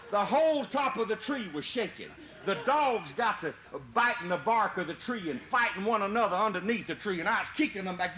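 A man telling a folksy tall tale in an animated, chuckling way. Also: high-pitched, moderate pace, hardly any pauses. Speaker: storyteller. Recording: roomy echo, faint background noise.

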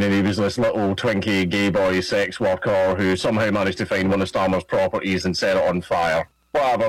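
A Scottish man with a lowish voice, chatting as a comedy guest in a sardonic, deadpan way. He often laughs at his own jokes, and his voice sits dry and close on the mic. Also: no echo, poor audio. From Scotland. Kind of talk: casual interview chat.

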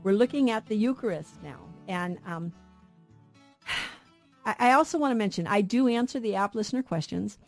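A woman's voice: medium pitch, animated, normal speed, pauses often, soft background music. A woman hosting a radio Bible show, teaching earnestly and asking questions she then answers.

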